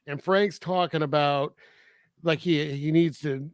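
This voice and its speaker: A man talking casually on a film review podcast, his voice a touch higher than most men's. He laughs often and keeps the chat joking and loose. The sound is dry and close, with no room around him. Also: steady tone, unhurried, no room sound. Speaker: podcast co-host.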